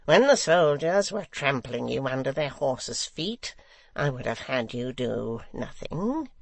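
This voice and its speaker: A man voicing a sly, sneering secretary who speaks in a slow, measured, mocking way with a gravelly edge. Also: medium pitch, no echo.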